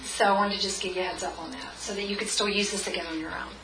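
A woman's voice: medium pitch, fairly even intonation, fast, crowd noise. A woman in her forties leading a guided group tapping session, chatty and encouraging, with many fillers. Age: 40s. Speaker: workshop leader. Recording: echoey room, mic far off, faint noise.

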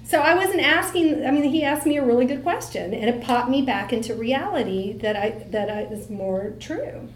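A middle-aged woman giving a motivational talk to a live audience, telling stories with lively acted-out quotes. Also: high-pitched, moderate pace, few pauses, echoey room, a little hiss or hum. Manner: animated storyteller, acts out voices in quotes. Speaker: speaker.

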